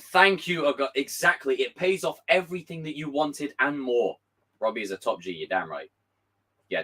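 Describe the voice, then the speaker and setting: On a rough recording, a young man hosts a casual live stream, reading out viewer messages in a hoarse, worn voice. He's animated, his pitch swinging widely when excited, and he swears freely and sometimes bursts into shouts.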